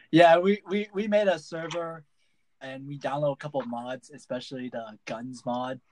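A man's voice: on the high side, a little slow, a little mellow, a little hiss or hum, rough recording. A young man chatting as a podcast guest, joking around and laughing a lot. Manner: playful, jokey, laughs a lot. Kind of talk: casual chat.

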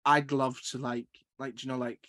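A man's voice: medium pitch, level tone, normal speed, a loud crowd. A young man from Sunderland, hosting a podcast in a chatty, self-mocking way with lots of "like". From Sunderland, England. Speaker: podcast host. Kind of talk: casual interview chat.

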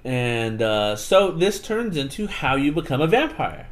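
A man's voice: medium pitch, sing-song, measured pace. A man on a casual podcast, animatedly retelling a book plot and acting out the characters' lines. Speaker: podcast host. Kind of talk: casual book-recap chat.

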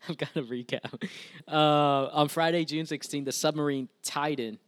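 A young man hosting a casual podcast, recapping the week's news in a lively, chatty way with quick laughs. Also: fairly high pitch, dry recording, studio quality. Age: young adult. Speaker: podcast host. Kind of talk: casual chat.

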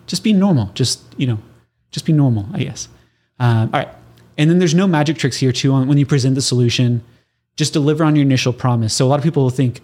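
A man from Southern California with a Californian accent, hosting a solo podcast in a casual, animated teaching style, often laughing and acting out his listeners' reactions. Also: mid-range voice, fairly quick. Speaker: podcast host.

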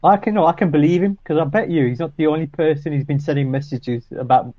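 A man's voice: on the high side, quick pace. A man chatting casually as co-host, trading dry joking asides. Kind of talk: casual chat. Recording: dull dry sound.

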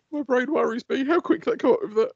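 A British man co-hosting a podcast, telling animated stories, swearing and laughing as he goes. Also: very high voice, moderate pace, vocal fry, lo-fi sound, noisy background. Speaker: podcast co-host. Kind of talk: casual chat.

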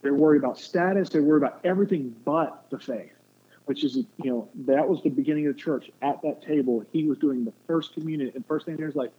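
A man's voice: fairly high pitch, a little fast. Male guest, casual faith talk, rambling, tinny line. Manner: rambling, restarts often, acts out quotes. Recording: muffled phone-like line with faint noise.

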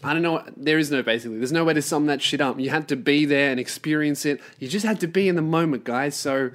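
A man's voice: on the high side, fast talker, fairly bright tone. A young man hosting a solo podcast, ranting with lots of swearing and acting out mocking voices of other people. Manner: profane, ranting, acts out mocking quoted voices. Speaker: podcast host.

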